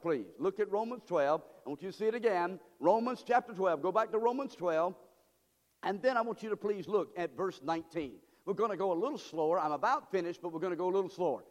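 A man preaching a sermon as pastor, emphatic and rising to shouts. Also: high-pitched. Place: church sanctuary. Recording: long reverb of a church hall.

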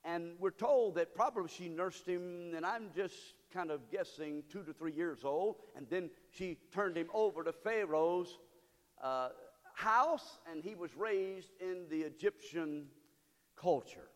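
A man preaching a sermon as pastor. He moves from loud cries to hushed pleading. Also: high voice, a little slow, long reverb tail. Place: church sanctuary.

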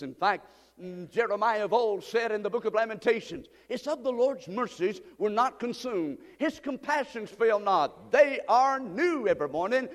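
A male pastor preaching a sermon, building up to fervent shouted passages. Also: high voice, lively intonation, moderate pace, long reverb tail.

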